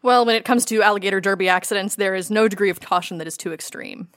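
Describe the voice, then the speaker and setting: A woman's voice: mid-range voice, fast talker, fairly bright tone, dry recording, studio quality, close to an everyday voice. A woman playing a formal federal detective questioning suspects in a tabletop murder mystery game. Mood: stern. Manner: formal, official address.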